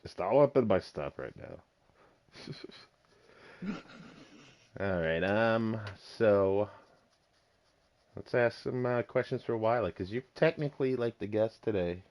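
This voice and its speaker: Very deep-voiced man on a dull mic. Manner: relaxed, joking, drawn-out fillers. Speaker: podcast host. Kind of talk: casual chat.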